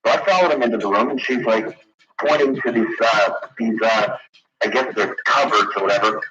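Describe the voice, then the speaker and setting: A man's voice: mid-range voice, fairly quick, background noise. A man calling in to a late-night radio show, telling a story in a rambling way full of fillers. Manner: rambling, many fillers and restarts. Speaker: caller. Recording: dull lo-fi radio broadcast with crowd.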